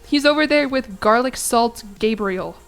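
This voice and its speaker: A woman streamer chatting casually with her chat while playing a game, with giggly asides and thinking out loud. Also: a little high, measured pace, faint music behind.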